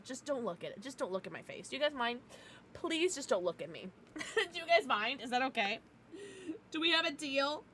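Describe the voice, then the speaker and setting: A young woman streaming from home with a high, bright voice that bounces all over. She chats loudly with viewers, giggly and profane, and sounds stuffed up from crying. She talks into a desk mic. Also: a little hiss or hum. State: congested from crying. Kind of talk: casual livestream chat.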